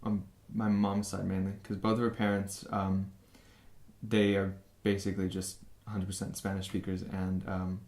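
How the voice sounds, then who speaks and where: A man's voice: sits low, completely flat delivery, moderate pace, darkish tone, reverberant. A young man from San Francisco answers interview questions casually, with many fillers and restarts. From San Francisco, USA. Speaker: interview guest.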